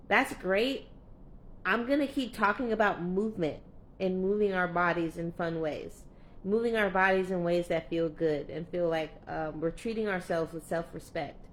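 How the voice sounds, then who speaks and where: A woman's voice: medium pitch, slight background noise. A young adult woman coach speaking candidly in a vlog, earnest and heartfelt, rambling with many fillers and restarts. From California. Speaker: play and movement coach.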